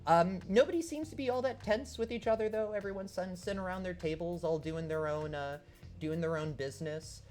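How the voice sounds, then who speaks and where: A man's voice: high voice, brisk, a little mellow, faint music behind. A man narrating as game master of a tabletop game, rambling with many fillers.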